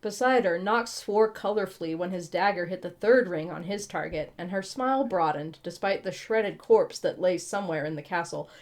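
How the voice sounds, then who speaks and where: A woman's voice: fairly low pitch, normal speed, hardly any pauses, darkish tone. Give me a woman reading a novel aloud with foul-mouthed jokes. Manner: profane, laughing, rambling asides. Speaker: book podcast co-host reading aloud. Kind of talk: comedic read-along chat.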